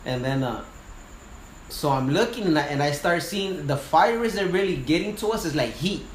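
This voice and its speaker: A man with a slightly raised voice tells a firefighting story in casual conversation. His telling is animated and full of swearing, and he acts out the voices of the people in it. The room sounds echoey, with faint background noise. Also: on the high side, moderate pace. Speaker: wildland firefighter and sawyer.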